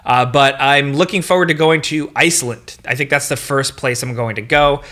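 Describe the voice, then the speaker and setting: A man with a slight New York accent hosting a casual Q&A chat about games, his voice high and jumping around as he rambles and restarts his sentences. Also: moderate pace. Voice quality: high, animated voice. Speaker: gaming video host.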